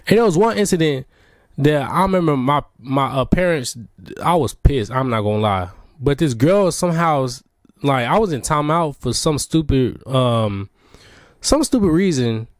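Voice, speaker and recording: A man's voice: medium pitch, expressive, moderate pace, no room sound, clean studio sound. A young man telling a true personal story in casual slang, rambling along with lots of fillers.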